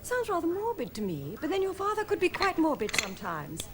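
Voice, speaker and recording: A woman's voice: extremely high pitch, wildly swooping pitch, fairly quick, noisy background, heavily acted. An actress playing an effusive, party-loving middle-aged mother of grown children in a televised stage drama. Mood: gushing. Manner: effusive, chattering.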